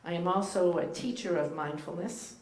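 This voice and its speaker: A woman's voice: on the low side, steady tone, moderate pace, darkish tone. A woman with a Boston accent giving a playful, teacherly sermon as a guest rabbi, with frequent ums and uhs. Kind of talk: informal sermon to a congregation. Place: church sanctuary. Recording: echoey room, faint background noise.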